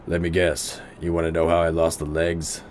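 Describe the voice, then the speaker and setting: A man voicing a blunt, weary old male troll veteran in game dialogue, close to his own low voice. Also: completely flat delivery, normal speed, darkish tone, a little hiss or hum, natural voice.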